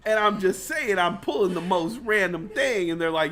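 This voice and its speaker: A man hosting a talk show, telling comic stories in a casual, animated way, swearing freely and acting out voices. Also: high-pitched, moderate pace, crowd noise. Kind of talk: comedic storytelling chat. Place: studio or stream set.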